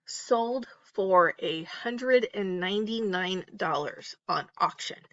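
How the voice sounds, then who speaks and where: A middle-aged woman talking casually about reselling online while she lists items, candid and quick to laugh at herself. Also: medium pitch, animated, a bit bright, dry recording, dull audio. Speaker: eBay reseller and YouTuber. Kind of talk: casual list-with-me chat. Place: home, at night. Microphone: close, off camera.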